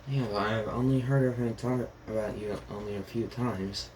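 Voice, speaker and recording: A man doing a calm old ramen cook. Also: on the low side, moderate pace, noisy background, lightly acted. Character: friendly older male ramen shop owner.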